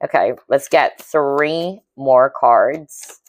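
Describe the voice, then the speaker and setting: Her pitch is extremely low and her words drawn out as this tarot reader, on a dry recording, guides viewers through a pick-a-card reading. Earnest, intuitive, and empathic, she sounds moved and checks in with "okay?" again and again.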